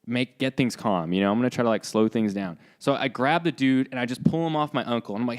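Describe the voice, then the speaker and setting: A young man co-hosting a podcast, telling a story in a loose, animated way with lots of fillers and acted-out lines. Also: mid-range voice, fast talker. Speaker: podcast co-host. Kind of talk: casual storytelling.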